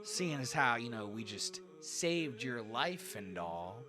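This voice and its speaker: A sly little gnome with a high, needling voice, folksy and pushy as he angles for payment, as a man puts him on. He is a small wiry fellow who sounds grasping and never lets a point drop. The pitch sits well above a normal man's. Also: big pitch swings, slow, over music.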